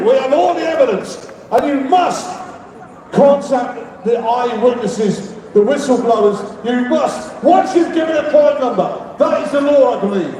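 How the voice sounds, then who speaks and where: A middle-aged man with a London accent giving a rambling rally speech as an activist, shouting demands and leading the crowd in call-and-response. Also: very high-pitched, a little slow. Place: public rally. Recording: echoey, distant, with crowd noise. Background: faint crowd and ambient noise.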